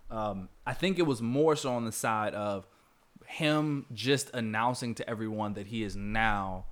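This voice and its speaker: A man's voice: fairly low pitch, a little slow. A man hosting a podcast, casually retelling a movie scene by scene with lots of fillers and quoted lines. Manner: rambling, filler-heavy retelling with acted quotes. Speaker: podcast host.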